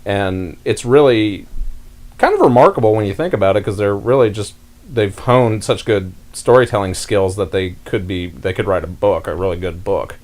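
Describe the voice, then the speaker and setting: A man's voice: lowish voice, normal speed, a little mellow. A young man from North Carolina hosting a casual podcast chat and rambling through his points with many fillers. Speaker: podcast host.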